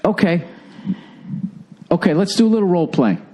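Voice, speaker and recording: A man hosting a podcast, bickering with his wife in a profane, exasperated, rapid-fire way. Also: sits high, animated, warm tone. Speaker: podcast host. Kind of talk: casual argument with his wife.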